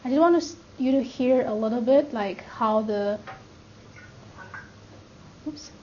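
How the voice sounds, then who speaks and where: A woman's voice: fairly high pitch, unhurried, dark tone. A woman from China with a Chinese accent, giving a classroom lecture as a language instructor, patiently checking that students follow. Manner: explains patiently, checks understanding with "right?". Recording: muffled classroom recording with background noise.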